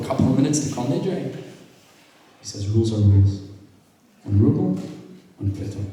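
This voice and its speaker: A male rabbi telling a story at a gathering, acting out the dialogue and sometimes dropping to a hushed voice. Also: mid-range voice, expressive, normal speed, pauses often. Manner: acts out quoted dialogue, drops to hushed tones. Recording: echoey hall from far off.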